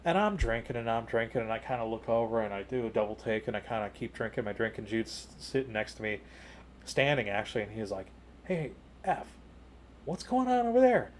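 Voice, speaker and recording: A man co-hosting a podcast, telling a long personal story in casual chat, full of "you know" and "like", rising higher and louder at the exciting parts. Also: quick pace, a little hiss or hum. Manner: jumps higher and louder when retelling excited moments. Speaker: podcast co-host.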